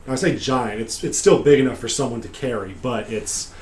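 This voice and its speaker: Male game master, podcast recap; casual, halting delivery, mid-range voice. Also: mid-range voice. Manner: rambling storytelling with frequent pauses and fillers.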